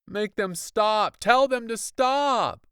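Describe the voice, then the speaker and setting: A frightened young boy shrieking for help in a high, strained voice, as a man puts him on. The cries jump far above the reader's own range and come out clear and dry, with no room around them. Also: slow, no room sound. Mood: desperate. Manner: panicked high shouting.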